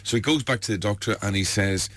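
A man's voice: fairly low pitch, fast, a bit bright, no echo. A man telling long jokes, passed off as true stories, in a rambling way full of fillers. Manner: rambling, filler-heavy, chuckling. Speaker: joke teller.

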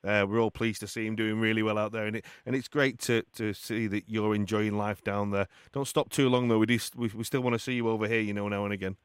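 A man's voice: lowish voice, fairly even intonation, fast, few pauses, smooth, no room sound, clean studio sound. A man from England hosting a radio football show, chatting casually and calling his guest pal. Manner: friendly, calls guest pal. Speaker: radio host. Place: radio studio.

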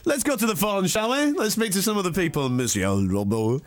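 A man hosts a breakfast radio show, teasing his co-hosts with a lively, up-and-down delivery. His voice sits on the higher side for a man, and the studio sound is close and dry. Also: fast talker, dry recording. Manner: jokey, teasing, animated. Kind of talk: casual radio banter.

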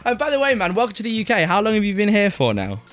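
A man hosting a breakfast radio chat in a studio, playful, teasing and quick to laugh. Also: high-pitched, huge pitch swings, a bit bright, faint music behind. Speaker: radio show host.

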